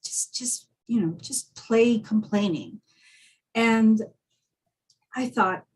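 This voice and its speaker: A woman's voice: fairly high pitch, takes it slowly, pauses often, poor audio. A woman, a guest on a video call, talking reflectively through a personal story with frequent restarts. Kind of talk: casual conversation.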